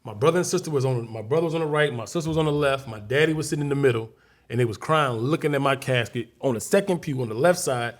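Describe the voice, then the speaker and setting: A man's voice: medium pitch, fast talker. Chicago man telling a dramatic story. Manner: vivid, dramatic storyteller who acts out voices and scenes. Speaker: guest comedian. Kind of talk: casual storytelling interview.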